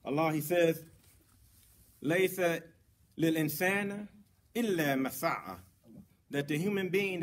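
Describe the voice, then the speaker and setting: Emphatic man giving a Friday sermon. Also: slight background noise. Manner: emphatic, repeats phrases, rising to stress points then dropping low. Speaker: imam. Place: mosque.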